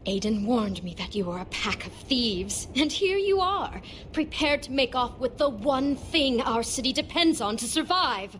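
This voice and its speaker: A woman's voice: on the high side, expressive, a little slow, few pauses, fairly bright tone, slight background noise. An actress voicing a proud, cold woman who rules a city in a video game, haughty and icy. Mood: indignant. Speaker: game character.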